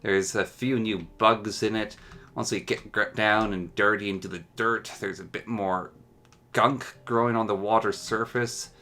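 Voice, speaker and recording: A man's voice: on the low side, steady tone, unhurried, pushed and bright. A man giving casual, enthusiastic commentary while showcasing a game mod, chatting and musing aloud as he goes.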